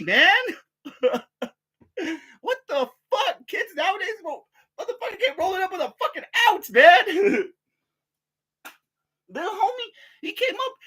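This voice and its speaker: A man's voice: very high-pitched, sharp tone. A man telling loose, profane stories in a casual vlog, laughing often and trailing off into fillers. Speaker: vlogger. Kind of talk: casual rambling storytelling.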